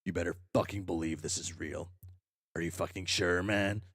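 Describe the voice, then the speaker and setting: A man reading aloud as a furious, foul-mouthed young male troll, ranting and swearing at himself in shouted tirades. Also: low voice, steady tone, normal speed, no echo, studio quality.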